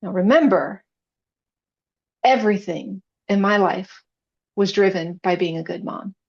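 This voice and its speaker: A woman's voice: mid-range voice, a little slow, creaky, breathy edge, dull audio. A woman podcast guest, a chaplain, telling her personal faith story in an earnest, emotional way.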